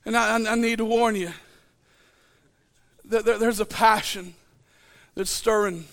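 High gravelly preaching man. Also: fairly even intonation, measured pace. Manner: preaching, building to shouted fervor. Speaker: pastor. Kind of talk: sermon. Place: church.

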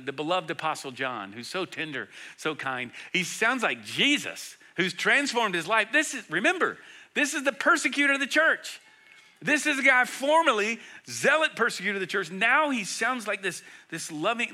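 A middle-aged man preaching to his congregation, his voice very bright and ringing, pitched a little high for a man. He moves between loud, emphatic declarations and soft, hushed passages, always earnest. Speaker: pastor. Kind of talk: sermon.

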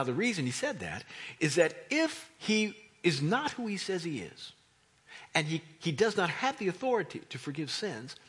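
A man's voice: fairly high pitch, fairly bright tone, slightly rough. A man preaching a sermon, retelling a story and acting out the voices of the crowd. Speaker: pastor.

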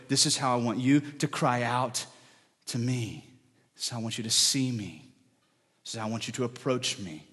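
A man preaching a sermon as pastor, dropping to soft, whispered lines when he speaks for God. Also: medium pitch, slightly rough, in a large hall.

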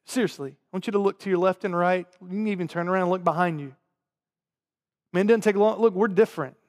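A man with a Southern US accent, preaching a sermon to his congregation and swinging between loud emphatic lines and quiet, low asides. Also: fast. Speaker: pastor. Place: church sanctuary. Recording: long hall reverb.

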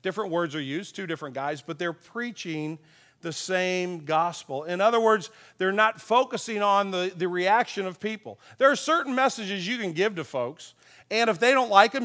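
Man with a high voice, pastor, folksy conversational sermon, personal anecdotes, soft emphasis on key points. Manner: folksy, tells personal stories with chuckles.

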